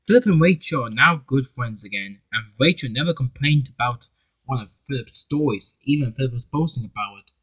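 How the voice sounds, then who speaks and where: Male amateur storybook narrator; husky, mid-pitched, halting delivery. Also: lively intonation, a bit bright, rough recording. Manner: halting, repeating words.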